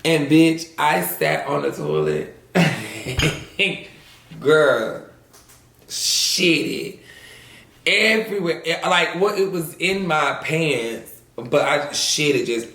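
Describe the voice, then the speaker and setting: A man's voice: on the high side, animated, very slow, a bit bright, roomy sound. A man vlogging at home, telling crude stories in a sassy, casual way and calling the audience "girl". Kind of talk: casual storytelling mukbang chat.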